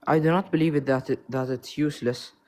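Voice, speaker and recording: A man's voice: a little high, fairly even intonation, quick pace, a little mellow, a little hiss or hum. Young man, Gulf Arabic accent, earnest, apologetic, hesitant, casual debate. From Oman. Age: young adult. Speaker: caller debating the host.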